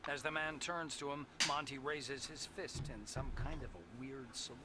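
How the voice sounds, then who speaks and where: Brief: man doing calm game narration, mid pitch, over noisy game audio. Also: moderate pace, lightly acted. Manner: even, descriptive, third-person. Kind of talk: scripted narration.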